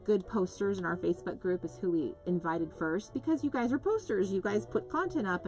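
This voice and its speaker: A woman hosting a live crafting show, chatting casually, reading out viewer comments and laughing often. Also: lowish voice.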